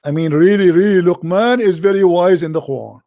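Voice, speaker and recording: A man's voice: sits high, a little fast, dark tone. A man hosting a live call-in religious debate, talking in a mocking, taunting way. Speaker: call-in show host.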